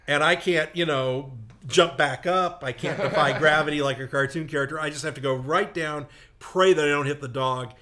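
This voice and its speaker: Bright-voiced man telling a rambling story. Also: a little high, fairly quick. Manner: rambling anecdote with self-mocking asides. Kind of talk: casual storytelling on a comedy talk show.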